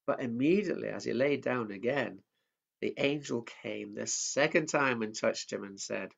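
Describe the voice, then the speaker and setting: A man preaching at a family service, telling a Bible story in a gentle, simple way. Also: medium pitch, moderate pace, gravelly. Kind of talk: children's sermon storytelling. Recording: dull lo-fi sound.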